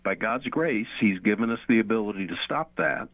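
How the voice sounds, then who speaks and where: A man's voice: lowish voice, animated, a little fast, dry recording. A man on a Christian radio show, earnestly teaching and repeating phrases for emphasis. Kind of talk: conversational faith talk on radio. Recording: phone-like radio line.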